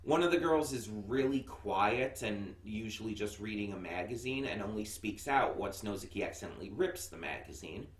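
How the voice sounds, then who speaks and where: With a fairly low, expressive voice, an American man talks at a moderate pace with few pauses, giving a rambling, filler-heavy first-impressions anime review. He's from the United States, and the recording sounds echoey, as if the mic were set far off.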